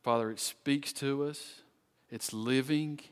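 A man preaching as pastor at the end of a sermon, earnest and pleading, with slow, deliberate phrasing. His mid-range voice rings with the long reverb of a church sanctuary. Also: mid-range voice, steady tone, clean tone. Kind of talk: sermon closing and prayer.

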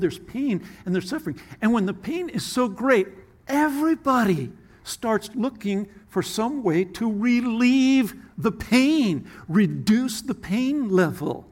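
A man preaching a sermon as pastor, earnest, with sudden drops into soft, hushed asides. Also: high voice.

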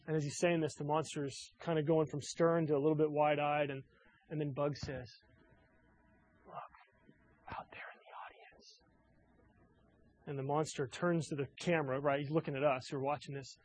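A man's voice: on the high side, flat delivery, fast, a little mellow, rough recording. A male pastor preaching a sermon in an earnest way, asking his listeners many rhetorical questions.

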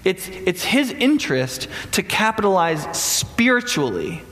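Animated preacher man in a reverberant hall. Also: high-pitched, unhurried. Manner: animated, conversational, frequent rhetorical "right?". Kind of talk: sermon.

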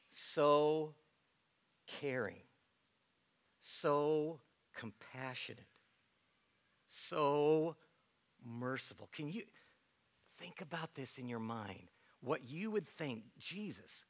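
Male pastor, sermon delivery, slow and deliberate, bright tone. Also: on the high side. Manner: slow, emphatic preaching with soft hushed passages and playful laughter.

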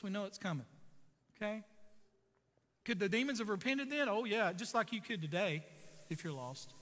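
Bright, high-voiced man preaching in a hall. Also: expressive, normal speed, long pauses. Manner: emphatic, repetitive preaching. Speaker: pastor. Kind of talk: sermon.

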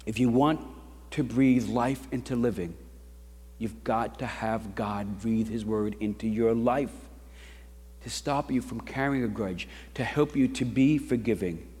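A man's voice: medium pitch, unhurried, darkish tone, husky. A middle-aged man preaching a sermon in a conversational storytelling style, with rhetorical questions to the congregation. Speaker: pastor. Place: church sanctuary. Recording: long reverb of a large hall.

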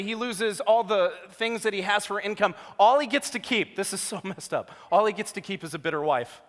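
Male pastor, 30s, sermon storytelling, bright forceful voice, slightly high, hall reverb. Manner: animated storytelling, jokey asides, swings from hushed to loud.

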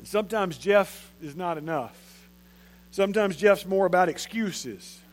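A man's voice: high voice, a little slow. A man, preaching a sermon in a conversational way and repeating phrases for emphasis. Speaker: pastor.

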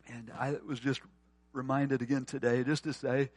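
A man preaching a sermon, earnest and often quiet and tender, then rising to forceful emphasis. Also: medium pitch, little pitch movement, moderate pace. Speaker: pastor.

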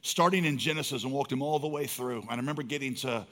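A man's voice: medium pitch, quick pace, a bit bright. Pastor guy preaching, earnest then pushing hard, big echoey church hall. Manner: earnest, builds to emphatic urgency. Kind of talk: sermon storytelling. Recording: long hall reverb.

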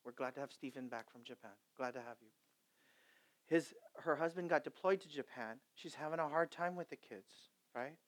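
A man preaching a sermon to his congregation. He swings between loud, impassioned exhortation and quiet, conversational storytelling with asides. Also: a little high, normal speed. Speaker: pastor.

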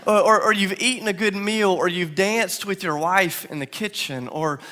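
A bright, forceful male pastor with a lilt preaches in a big church hall, the reverb trailing after his words. He tells stories with energy, slipping into acted quotes, his voice sitting a little high for a man. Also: normal speed. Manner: animated storytelling with acted quotes. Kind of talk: sermon.

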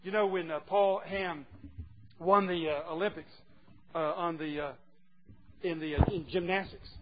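A man preaching a sermon, emphatic and teasing, swinging from quiet asides to loud declarations. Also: fairly high pitch, fairly even intonation, measured pace. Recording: dull lo-fi recording with faint noise.

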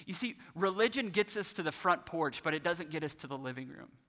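A pastor in his thirties delivers a sermon with a bright, forceful edge and a slightly high voice. He tells stories earnestly and acts out the voices he quotes. His words ring out with a long reverb, as in a church sanctuary. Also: animated, brisk, hardly any pauses.

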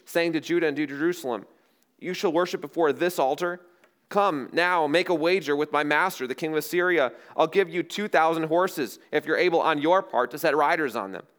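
A man's voice: a little high, a bit bright, voice pushed up, close to an everyday voice. A man reading as a boastful Assyrian envoy. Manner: reading scripture in a raised, taunting declamation. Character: boastful male Assyrian envoy taunting a besieged city.

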